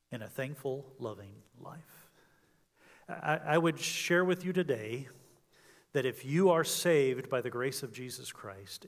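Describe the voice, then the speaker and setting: A pastor preaching an earnest sermon in a church, swinging from emphatic peaks down to soft, quiet lines. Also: male voice, mid-range voice. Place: church sanctuary. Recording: long hall reverb.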